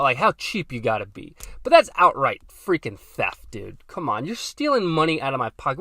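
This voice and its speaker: Lively, bright-voiced young man ranting. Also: medium pitch, no echo, studio quality. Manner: rambling, frequent "like" fillers, exasperated venting. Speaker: podcast host. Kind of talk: casual storytelling rant.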